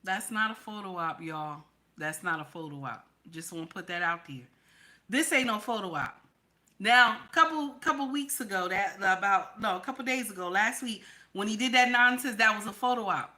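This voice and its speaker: An online commentator with New York/New Jersey roots talks straight to camera in a casual political vlog. Her medium-pitched voice is bright and forceful at a normal speed, and she hammers points bluntly by repeating them, all captured on a low-quality recording.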